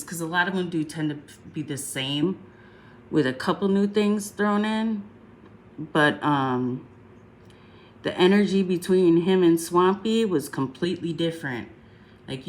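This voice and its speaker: A woman's voice: low voice, slight background noise. A congested woman talking casually on a livestream, rambling and chatty, often saying "um" and asking "right?" along the way.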